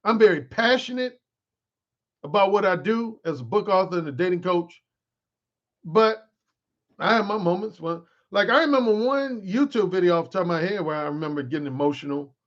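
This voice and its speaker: A man's voice: sits high, brisk, muffled recording. A man who works as a dating coach and author, talking candidly to his followers on a livestream with lots of restarts. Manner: candid and animated, with frequent restarts. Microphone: desk microphone he adjusts mid-stream.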